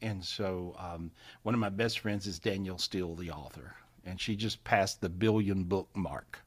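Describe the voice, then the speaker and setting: A man with a low voice, talking at normal speed, hosts an informal live healing call-in session by video call. He comes across as warm and folksy, laughs frequently, and keeps repeating himself.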